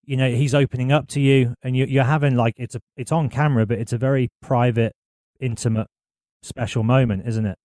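A man hosts a relaxed chat, heaping admiration on his guest in long, rambling sentences full of fillers. His voice sits mid-range for a man. The sound is close and dry. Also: medium pitch, a little fast, no room sound. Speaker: host. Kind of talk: casual interview chat.

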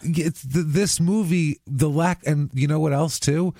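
A man's voice: a little high, fairly even intonation, unhurried, warm tone, no echo, clean studio sound. A man co-hosting a podcast, chatting casually and jokingly about a movie. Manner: joking, riffs with mock voices. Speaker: podcast co-host. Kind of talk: casual movie review chat.

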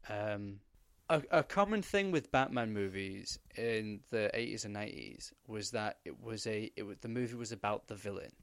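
A man hosting a podcast, telling stories in a rambling, animated way with many fillers. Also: lowish voice, moderate pace, creaky, few pauses, smooth, no room sound. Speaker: podcast host. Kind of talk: casual chat.

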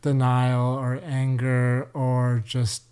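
A man's voice: mid-range voice, completely flat delivery, drawn-out words, darkish tone, clear, resonant tone. A man hosting a podcast, asking long, rambling questions full of fillers. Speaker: podcast host. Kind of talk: interview questions.

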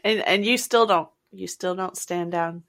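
A woman's voice: fairly low pitch, a little slow, fairly bright tone. Upbeat woman podcast host. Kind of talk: casual chat and sign-off.

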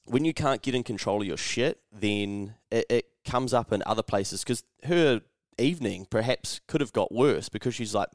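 A man's voice: fairly low pitch, normal speed, few pauses, dry recording, clean studio sound. A man with a New Zealand accent co-hosting a podcast, telling stories in casual chat, swearing freely and acting out other people's voices. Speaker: podcast co-host.

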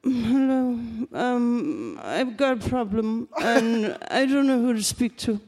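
Woman as a grand diva singer on a prank call, affected and slow. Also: a little high, expressive, darkish tone. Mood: grandiose.

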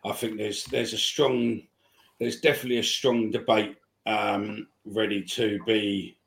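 Low-voiced rambling podcast host, a man. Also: little pitch movement, measured pace, creaky, a bit bright. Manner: chatty, rambling announcements. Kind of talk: casual live podcast chat.

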